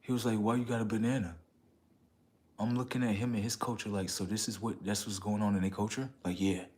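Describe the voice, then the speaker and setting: A man on a casual livestream, rambling in slangy street talk and checking in with his viewers, getting loud and high when worked up. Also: fairly even intonation, fast talker. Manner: rambling, repeats "okay" and "right" to the audience. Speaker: livestream host.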